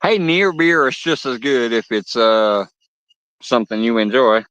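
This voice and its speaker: A man's voice: mid-range voice, lively intonation, unhurried, fairly bright tone, clear, resonant tone, no room sound. A man hosting a fishing livestream outdoors at a lake, chatting casually with viewers and telling stories with lots of swearing and laughter. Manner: profane, laughing storyteller. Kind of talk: casual live chat with viewers. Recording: dull lo-fi audio.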